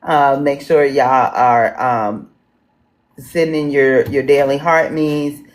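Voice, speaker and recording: Woman host with a D.C. accent, casual livestream chat, deep voice, slow, homey. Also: fairly even intonation. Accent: Washington D.C. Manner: chatty, folksy, addresses viewers as y'all. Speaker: livestream town hall moderator. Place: home in Washington D.C.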